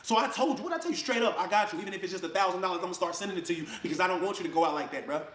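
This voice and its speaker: High, fast-talking man, angry rant, echoey room. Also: animated, fairly bright tone. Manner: angry, rapid, mocking quoted voices. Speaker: influencer addressing critics. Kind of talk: heated ranting video clip.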